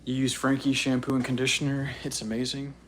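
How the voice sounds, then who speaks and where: A man's voice: medium pitch, brisk, slight background noise. A man on a livestream, casually chatting and joking as he reads out viewer comments. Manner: relaxed, joking, laughs often.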